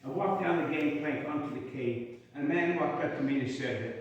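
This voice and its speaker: A man's voice: on the high side, lively intonation, a little fast, slight background noise. A man with an Irish accent performing in character as an Irish Union soldier, telling stories and singing with folksy, rambling asides to the audience. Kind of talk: storytelling in character, with sung songs. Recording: echoey hall, mic far off.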